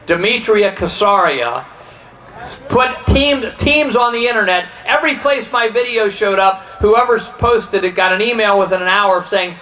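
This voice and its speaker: A man's voice: high voice, animated, moderate pace, pushed and bright, low-quality recording. Fired-up man giving a heated speech. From Ohio, USA. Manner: heated, acts out quoted exchanges. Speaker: political speaker. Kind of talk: impassioned speech.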